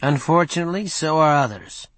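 A man reading an audiobook, voicing a scheming male warlord who taunts with measured threats. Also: a little high, animated, a bit bright, no room sound. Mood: taunting.

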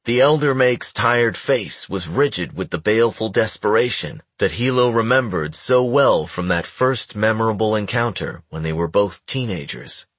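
A man reading a novel aloud as an audiobook narrator in a measured, even way. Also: fairly low pitch, no room sound. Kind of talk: scripted narration.

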